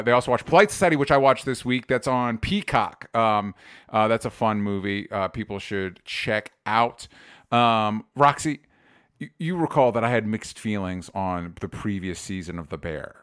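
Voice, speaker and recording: Brief: male host, smooth clear voice, dry close sound, relaxed, lots of ums. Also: medium pitch, dry recording. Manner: relaxed, lots of fillers, reads chat comments. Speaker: podcast host. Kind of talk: casual podcast chat.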